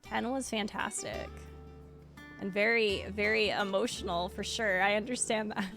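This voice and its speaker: A woman's voice: mid-range voice, fairly even intonation, normal speed, gravelly, a bit bright. A woman streaming a video game, chatting casually and gushing, with lots of "like" fillers. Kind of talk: casual live-stream chat. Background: faint game music.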